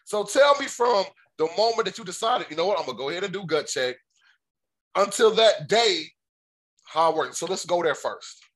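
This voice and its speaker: Slangy high-voiced male host. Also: animated, normal speed, a bit bright. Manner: friendly, slangy, asks loose questions. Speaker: podcast host. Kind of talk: casual interview chat.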